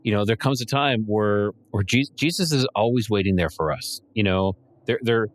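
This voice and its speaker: A man hosting a podcast interview, halting and grateful, often stumbling and restarting. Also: fairly low pitch. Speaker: podcast host. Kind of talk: interview conversation.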